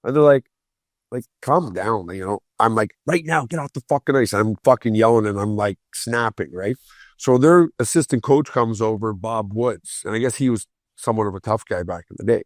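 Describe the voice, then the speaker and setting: A man, a former pro hockey player, telling profane, animated stories as a podcast guest and acting out other people's voices. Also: fairly low pitch, normal speed, no echo, clean studio sound. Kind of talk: casual storytelling on a podcast.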